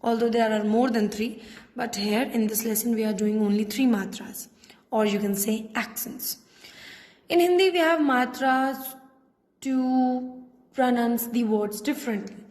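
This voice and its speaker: A woman with an Indian English accent teaches a classroom lesson at a slow, deliberate pace, her voice pitched a little high. She repeats each point patiently. The room is echoey, with a long reverb tail. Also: darkish tone. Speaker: French teacher.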